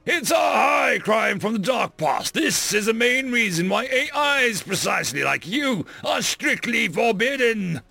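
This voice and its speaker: A man voicing a stern starship captain who barks orders and often shouts. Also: fairly high pitch, very animated, moderate pace, creaky, soft background music, voice pushed up, full character voice. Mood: commanding.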